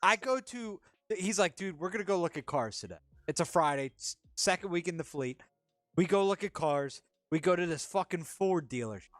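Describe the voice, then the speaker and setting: A man's voice: animated, normal speed, fairly bright tone, dry recording, studio quality. A man in his twenties co-hosting a podcast, telling a crude story and acting out other people's lines. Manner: profane, acts out quoted voices in a lower pitch. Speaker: podcast co-host.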